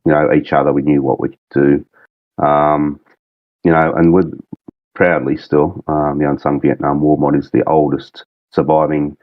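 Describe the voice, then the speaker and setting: Australian man, very deep voice, rambling laid-back podcast guest, dry slightly dull audio. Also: level tone, normal speed, no echo. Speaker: guest, game mod creative director. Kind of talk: casual podcast chat.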